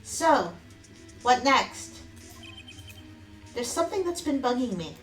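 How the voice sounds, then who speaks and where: Woman playing an earnest young male attorney, musing, slightly high, echoey room, faint music. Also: big pitch swings, takes it slowly, far from the mic. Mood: puzzled. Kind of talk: live fan dub of a game. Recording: roomy, off-mic, faint music behind.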